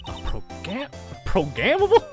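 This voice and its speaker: A streamer voicing a bubbly, excitable young woman sidekick, pushing up into a higher voice. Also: normal speed, over music. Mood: excited. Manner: bright, excitable.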